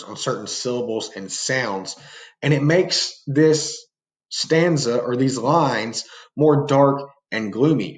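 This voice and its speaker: A man gives a pre-recorded lesson to his students in a relaxed, conversational way, checking in with them often. His voice sits at an ordinary pitch, and the room around him sounds roomy and echoey. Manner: casual, talks to students as guys, frequent fillers and rhetorical "right?". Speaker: teacher.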